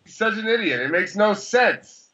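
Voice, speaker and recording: A man's voice: sits high, expressive, sharp tone, dull audio. A man co-hosting a podcast in casual sports chat, fired up and swearing as he argues his point. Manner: fired up, swearing, talks fast in bursts. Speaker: podcast co-host.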